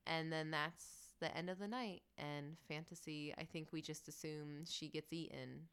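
A woman co-hosts a podcast and walks through a film's scenes in a chatty, animated way. Her voice is bright and crisp. She keeps the talk lively with playful asides. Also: low-pitched, normal speed. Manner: animated storyteller, playful sound effects. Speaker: podcast co-host. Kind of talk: casual chat recapping a film.

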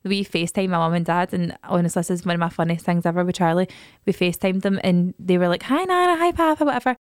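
A woman co-hosting a podcast, telling lively stories about her kids in casual chat. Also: lowish voice, clean tone, no echo, clean studio sound. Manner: animated storyteller, quick and laughing. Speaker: podcast co-host.

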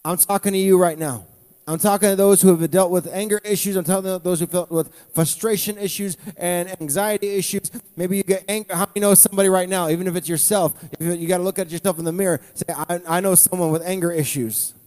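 A man's voice: high-pitched, steady tone, quick pace, darkish tone. Man preaching in a reverberant church hall. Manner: conversational preaching, restarts and asides to the congregation. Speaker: pastor. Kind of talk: sermon.

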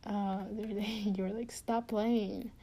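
A woman chatting intimately and casually to her partner, giggly and rambling in a soft, often half-whispered voice. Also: mid-range voice, flat delivery, brisk, breathy edge. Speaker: podcast host talking to her partner. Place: indoors at home.

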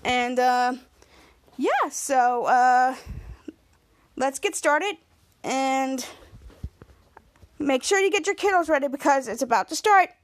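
A woman's voice: high-pitched, lively intonation, takes it slowly, pauses often. A woman podcast host casually recapping an episode, rambling and stringing lines together with "and he's like".

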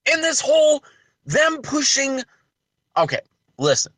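Male podcast host, high bright voice, emphatic ranting delivery. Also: very animated, a little slow, no echo. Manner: emphatic, ranting rhetorical questions. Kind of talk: wrestling podcast commentary.

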